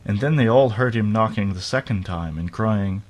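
A man's voice: lowish voice, normal speed, few pauses. Man reading a fairy tale aloud. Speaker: narrator.

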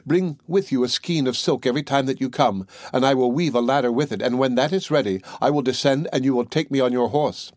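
A man voicing a gentle young maiden in a storybook reading, speaking in a light, quick, earnest way. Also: medium pitch, no room sound, studio quality, natural voice.

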